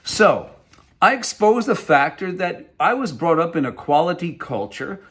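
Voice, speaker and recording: A man's voice: fairly high pitch, big pitch swings, a little slow, a bit bright, husky. A middle-aged man, a company CEO, speaking to viewers directly in a protest vlog, emphatic and indignant.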